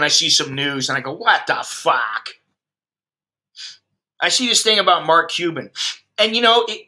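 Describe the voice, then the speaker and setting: A man's voice: high voice, sharp tone. An American man in his fifties, a vlogger ranting bluntly and profanely while chatting with his viewers. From United States. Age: 50s. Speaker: expat vlogger. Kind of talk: ranting livestream chat with viewers.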